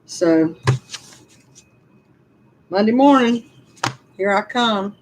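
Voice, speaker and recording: A woman's voice: medium pitch, expressive, very slow, darkish tone, slight background noise, rough recording. A woman in her sixties, venting on a live stream. She sighs often and talks to her chat about her frustration. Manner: frustrated, sighing, speaks to chat.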